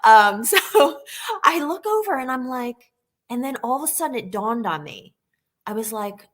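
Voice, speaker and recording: A woman's voice: on the high side, big pitch swings, normal speed, fairly bright tone. A woman author as a guest on a live video chat, talking earnestly with many fillers and telling stories with animation.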